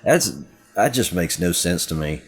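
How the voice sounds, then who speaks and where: A man's voice: deep voice, a little slow, breathy edge. A middle-aged man with a Southern US accent, co-hosting a podcast in casual chat and telling rambling stories full of asides. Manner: rambling, lively storytelling with many asides. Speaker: podcast co-host.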